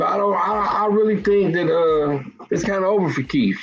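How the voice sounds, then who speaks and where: A man's voice: high voice, soft background music. Guy hosting a chill talk stream, stops and repeats himself a lot, kinda muffled audio. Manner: halting, repeats himself, thinks aloud. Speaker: host of a boxing talk show. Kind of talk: casual live-stream talk.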